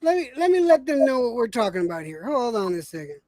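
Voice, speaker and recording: A high-voiced man from New Mexico argues loudly and swears freely in a casual chat he hosts. His delivery is animated and quick to push back. The recording is dry and close. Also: no echo. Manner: profane, animated, argumentative. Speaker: host.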